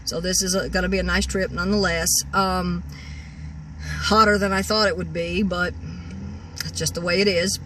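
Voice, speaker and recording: A woman's voice: on the low side, steady tone, moderate pace, long pauses, distant mic, noisy background. A woman in her sixties vlogging from her parked vehicle, rambling on with many restarts and repeated words. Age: 60s. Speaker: car-camping vlogger. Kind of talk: rambling vlog rant. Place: parked vehicle in a store parking lot.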